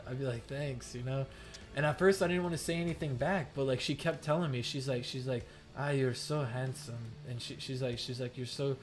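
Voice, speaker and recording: A young adult man streaming a game, telling a rambling story full of "like" fillers and swearing. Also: mid-range voice. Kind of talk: casual storytelling. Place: home gaming setup.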